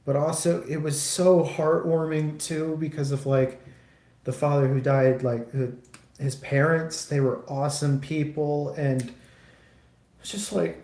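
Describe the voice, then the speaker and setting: A man's voice: fairly high pitch, level tone, measured pace, dark tone, echoey room. A man livestreaming while he builds a model kit, chatting casually in a rambling, profane way with lots of restarts.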